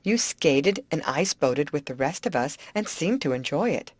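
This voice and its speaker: A woman's voice: deep voice, lively intonation, moderate pace, husky, no room sound. A woman reading the lines of a kind teenage girl who keeps the peace among her friends. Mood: cheerful. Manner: coaxing, soothing. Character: teenage girl Betty, kind peacemaker, anxious to avoid quarrels.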